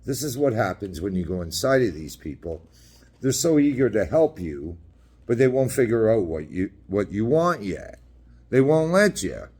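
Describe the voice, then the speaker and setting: A man's voice: lowish voice, very animated, moderate pace, a little mellow, breathy edge. A man telling a story in a casual rant, blunt, profane and repetitive. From Canada.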